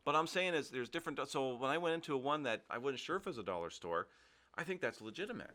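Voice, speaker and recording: A man's voice: mid-range voice, expressive, fast talker, bright, forceful tone. A middle-aged man co-hosting a podcast, chatting casually, joking and laughing often as he drifts between topics. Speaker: podcast co-host. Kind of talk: casual chat.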